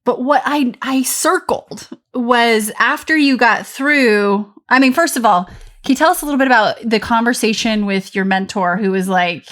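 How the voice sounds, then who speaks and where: A woman hosting a podcast interview, asking questions and giving quick affirming reactions. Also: on the high side, a bit bright. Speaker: podcast host.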